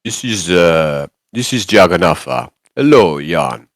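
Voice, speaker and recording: A stiff, formal psychic aboard a starship, speaking in a put-on Russian accent as a man acts him out. The voice sits low and the sound is close and dry, with measured, careful phrasing. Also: lively intonation, gravelly, no echo, full character voice. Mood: solemn.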